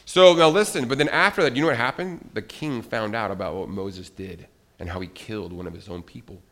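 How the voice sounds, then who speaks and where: Leading a children's church service, a man tells a Bible story with lots of animation, putting questions to the kids and calling on them by name. His pitch is fairly low and his pace brisk.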